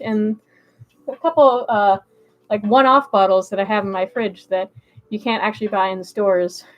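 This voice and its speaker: A woman streamer chatting casually with her live chat, bubbly and laughing often. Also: mid-range voice.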